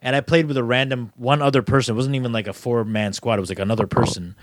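A man rattles off a story at a brisk clip in a relaxed chat among friends. He stumbles and restarts often and acts out his own thoughts as quoted lines, his voice pitched in the middle range. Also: no room sound. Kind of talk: casual gaming chat.

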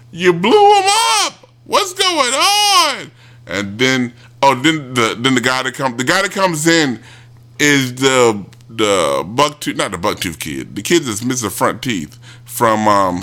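A man casually retelling a show, rambling with many restarts and mimicking people in high yelps. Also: sharp tone. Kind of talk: casual commentary.

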